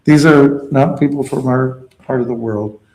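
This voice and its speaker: A devotional teacher leading kirtan patiently explains a mantra and calls out chant lines for the group to repeat in call and response. His voice is medium-pitched and mellow at a measured pace, and the recording is rough.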